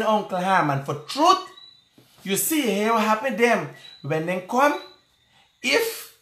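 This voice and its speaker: A man's voice: high voice, pushed and bright, echoey room. A man speaking Guyanese Creole, joking and rambling in casual political commentary, addressing the listener directly.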